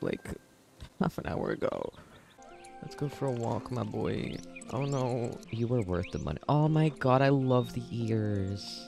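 A man giving casual gameplay commentary, gushing and excitable with frequent gasps. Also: low-pitched, creaky. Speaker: gaming video creator.

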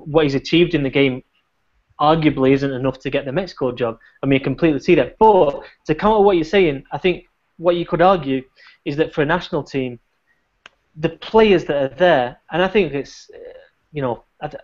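A man's voice: a little high, a little mellow. A man co-hosting a casual discussion, laughing often and hedging with repeated restarts. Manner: laughs often and hedges with 'I think' and 'you know'. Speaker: podcast co-host. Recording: dull lo-fi recording.

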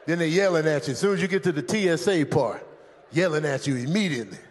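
A man doing live stand-up comedy on stage, animated and loud, shouting out his impressions of airport staff. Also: a little high, fast talker, slight background noise. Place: comedy stage with a laughing audience.

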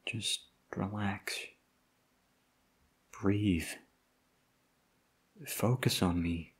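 A man playing a husky, soothing bodyguard in whispered role-play. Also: lowish voice, darkish tone, heavily acted. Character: tough protective male bodyguard, tender. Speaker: voice actor.

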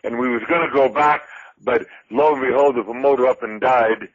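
An older man, a retired wrestler, spinning loud, boastful, folksy stories as a guest in an interview. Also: mid-range voice, brisk, husky, highs cut off. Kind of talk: interview storytelling.

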